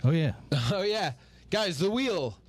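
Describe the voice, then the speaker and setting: A young man hosting a comedy podcast, joking loudly in rowdy banter. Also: sits high, big pitch swings, slow pace, crowd noise. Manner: rowdy, shouting. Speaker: podcast host. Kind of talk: loud banter.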